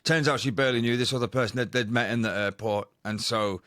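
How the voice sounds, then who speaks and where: A man's voice: mid-range voice, fairly even intonation, quick pace, fairly bright tone, dry recording, studio quality. A man co-hosting a podcast, telling a rambling anecdote in casual chat. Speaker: podcast co-host.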